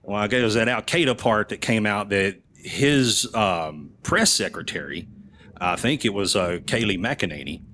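A man's voice: moderate pace, slight background noise. A man, a military veteran, telling funny stories on a podcast and laughing often as he goes. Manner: animated, laughs often, swings his voice up high for quoted lines. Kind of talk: casual podcast storytelling.

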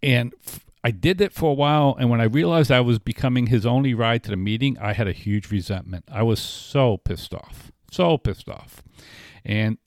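A man talks at a middle pitch, looping back and restarting his thoughts as he tells a long personal story in relaxed conversation. His voice is recorded close and dry, with no room sound. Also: moderate pace, no room sound. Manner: rambling, frequent restarts and filler. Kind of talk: casual storytelling chat.

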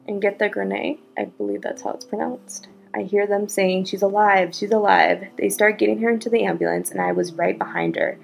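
A woman hosting a podcast, reading a listener's story aloud and breaking off now and then to react in hushed asides. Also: lowish voice, creaky, rough recording. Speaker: podcast host.

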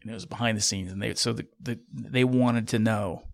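A man's voice: on the low side, steady tone, fairly quick, gravelly. A middle-aged man, a military pilot, telling a long anecdote casually, rambling and correcting himself as he goes. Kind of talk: casual storytelling.

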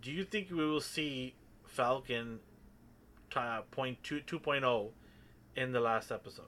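Male podcast host, bright forceful tone, playful teasing, casual chat. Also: mid-range voice, a little slow, slight background noise. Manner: playful, teasing, mock-sarcastic. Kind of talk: casual show discussion.

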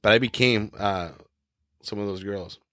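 A man's voice: on the low side, a little slow, a bit bright, no room sound, studio quality. A man co-hosting a casual chat, talking in a loose, rambling way and saying "bro" often. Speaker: co-host.

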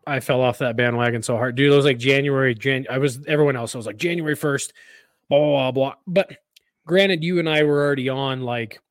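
A man co-hosting a casual podcast who tells rambling stories and laughs easily. His voice sits at a middle pitch, and the recording is dry and close. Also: fast, no room sound. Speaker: podcast co-host.

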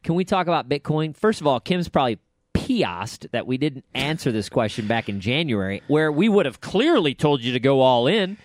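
Podcast host guy, rambling and joking, pitch bouncing all over, dry close sound. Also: big pitch swings, moderate pace, dry recording. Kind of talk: casual podcast chat.

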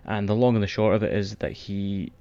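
A man chats on a podcast and gives blunt, sweary opinions in a relaxed way. His voice sits low. The recording sounds dull and lo-fi. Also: fairly quick, clear, resonant tone. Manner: laid-back, blunt, sweary. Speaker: podcast co-host. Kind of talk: casual wrestling podcast chat. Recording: dull lo-fi mic.

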